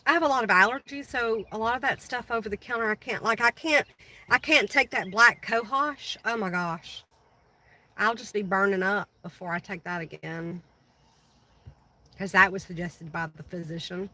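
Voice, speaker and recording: A woman's voice: mid-range voice, moderate pace, sharp tone, poor audio. A middle-aged woman hosting a casual livestream, chatting with viewers and answering their comments by name. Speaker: livestream host.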